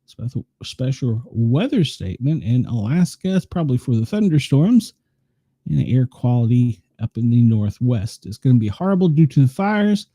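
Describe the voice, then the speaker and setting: A man with a Tennessee Southern accent hosts his show, chatting casually and rambling over a live weather radar while poking fun at himself and thinking aloud as he clicks around. His medium-pitched voice is very animated and warm at a normal speed, with clean studio sound and no room noise.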